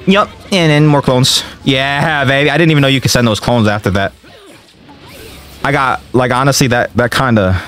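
A young man commenting on his own gameplay, excitable and slangy, often yelling and trash-talking the game as he plays. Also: medium pitch, normal speed, soft background music. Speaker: gaming streamer.

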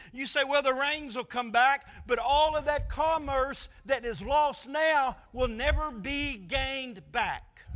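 A man's voice: very high voice, pushed and bright. A man preaching a sermon as pastor, firing off rhetorical questions with impassioned force. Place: church sanctuary.

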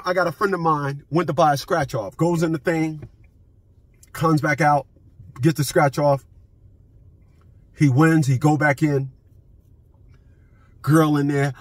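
Man, husky slightly high voice, profane vlog rant from a parked car, hammering points home. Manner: profane, emphatic, repeats his points. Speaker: vlogger. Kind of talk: unscripted ranting vlog.

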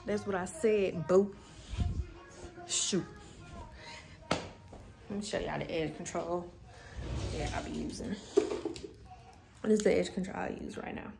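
A woman's voice: on the low side, slow pace, gravelly, long pauses, music in the background. A young woman chatting casually to her viewers in a phone vlog from her bedroom, loose and slangy, swearing freely. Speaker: vlogger. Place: bedroom at home. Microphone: phone camera.

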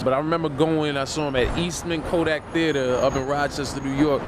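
Male interviewee, mid-high voice, relaxed and reflective, street noise around. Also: brisk. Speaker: comedian interviewee.

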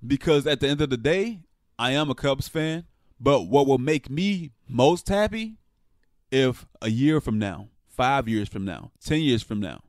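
A man's voice: mid-range voice, lively intonation, a little slow, no room sound, clean studio sound. A man giving his blunt opinion on a sports story in a casual vlog, often swearing and pushing hard on his points. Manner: blunt and frank, with profanity; passionate, rising emphasis. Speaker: sports vlogger.

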